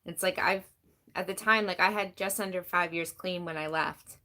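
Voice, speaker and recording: A woman's voice: fairly low pitch, steady tone, normal speed, pushed and bright. A woman talking casually on a live stream, candid and rambling, full of "like", answering chat as she goes. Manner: candid, rambling, heavy use of "like"; reads and answers chat comments.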